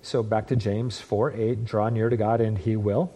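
A man preaching a sermon in an earnest way, slowing down for emphasis and restarting phrases as he goes. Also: on the low side, flat delivery, warm tone, husky. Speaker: pastor.

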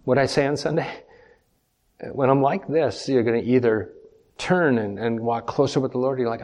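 A man's voice: mid-range voice, normal speed, darkish tone. Emphatic male pastor preaching. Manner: emphatic, repeats key points and asks the congregation questions. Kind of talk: sermon. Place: church.

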